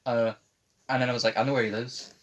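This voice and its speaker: A man's voice: medium pitch, flat delivery, quick pace. Young man telling a sweary story. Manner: rambling, swears a lot, mimics others in quotes. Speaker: podcast host. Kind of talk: casual storytelling. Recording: faint background noise.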